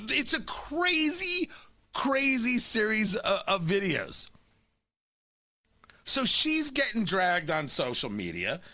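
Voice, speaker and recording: A man hosting a talk radio show, talking in an animated, opinionated way into a studio microphone. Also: high-pitched, slow pace, no echo.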